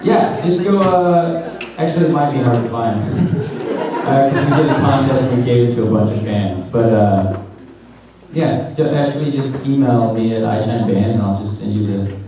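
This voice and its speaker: A man's voice: medium pitch, moderate pace, distant mic, a crowd in the background. A male voice actor at a convention panel Q&A, telling rambling stories and making fun of himself. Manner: joking, self-mocking, rambling storyteller. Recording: echoey hall, mic heard from afar, noisy.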